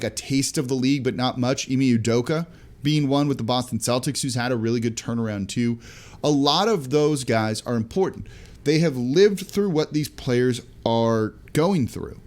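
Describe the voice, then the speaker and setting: A man hosting a solo sports podcast, speaking straight into a studio mic in a mid-pitched voice. He talks with energy in a loose, conversational way, tossing in quick asides. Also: a little mellow. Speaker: podcast host.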